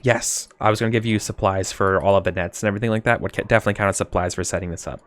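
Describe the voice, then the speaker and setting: Low-voiced man running a tabletop game. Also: steady tone, fairly bright tone. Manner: casual, rambling, quick apologies and self-corrections. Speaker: game master.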